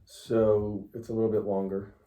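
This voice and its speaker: A man's voice: fairly low pitch, moderate pace. Middle-aged man telling a story, roomy sound. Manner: animated storyteller, laughs often. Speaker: interviewee, father of the host. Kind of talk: casual storytelling interview. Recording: roomy echo.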